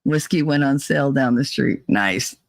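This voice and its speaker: A woman's voice: rumbling low, normal speed, gravelly, no echo. A woman hosting a casual livestream, chatting and reading viewer comments aloud, laughing often. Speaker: livestream host.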